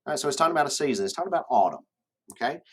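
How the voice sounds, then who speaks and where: A man's voice: fairly high pitch, lively intonation, rapid-fire, fairly bright tone, husky. A male teacher giving a classroom lecture, explaining step by step and checking in with his students. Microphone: camera in classroom.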